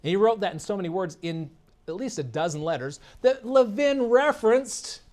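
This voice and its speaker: Combative male keynote speaker, higher voice. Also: animated, normal speed, darkish tone. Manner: combative, sarcastic, asks the audience questions. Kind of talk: political keynote speech. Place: convention meeting room.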